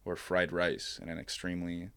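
A man's voice: deep voice, completely flat delivery, moderate pace, noisy background. A young man hosting a casual podcast chat, joking and swearing among friends. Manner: joking, swearing, laughs loudly.

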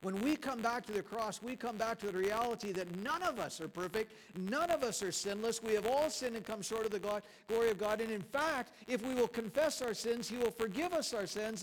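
High-voiced man preaching a folksy sermon. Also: low-quality recording. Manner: conversational and folksy, chuckling, emphatic repetition. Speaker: pastor. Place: church sanctuary.

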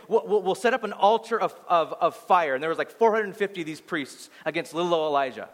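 A man preaching a sermon as pastor, telling the story in an animated way that swings from loud to hushed. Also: on the high side, fairly quick, few pauses. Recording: long hall reverb.

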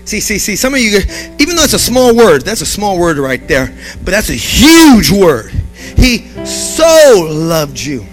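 A man preaching a revival sermon, repeating phrases and building from quiet talk to shouted, chanted calls. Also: high-pitched, big pitch swings, moderate pace, soft background music, low-quality recording. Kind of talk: revival sermon, call and response. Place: church service.

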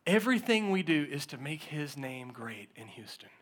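A male pastor preaching a sermon, telling stories with lively acted-out quotes and frequent laughter. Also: fairly high pitch, normal speed. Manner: animated storytelling, acts out quotes, often laughs.

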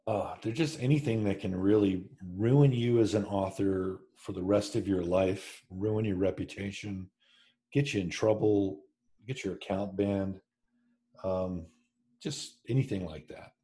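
A man co-hosting a writing podcast, joking drily and pausing with hesitant fillers. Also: low voice, dark tone. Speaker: podcast co-host, author. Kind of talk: podcast chat.

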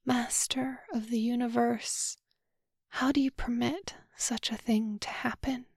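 A grieving older rabbi, read by a woman, lamenting in a slow, hushed half-whisper. The voice stays flat and heavy, with a gravelly texture. Dry and close in a storybook reading. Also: fairly high pitch, no room sound.

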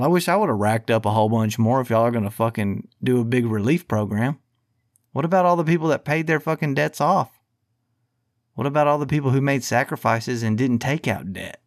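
A man holds forth on his own podcast, swearing freely and pushing back hard in a heated, combative rant. His voice sits at an ordinary middle pitch. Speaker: podcast host. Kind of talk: ranting podcast monologue.

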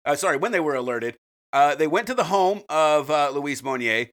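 A man's voice: a little high, animated, moderate pace, fairly bright tone. A man co-hosting a true crime podcast, jokey and swearing casually as he retells the case. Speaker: podcast co-host.

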